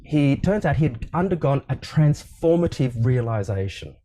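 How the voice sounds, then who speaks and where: An Australian man with a mellow, warm-leaning tone speaks as a guest in a casual interview. He tells his stories at an easy pace, pausing with ums and restarting his sentences, and sounds like he is on a video call. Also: medium pitch. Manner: relaxed, storytelling, with frequent ums and restarts. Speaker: leadership coach, guest.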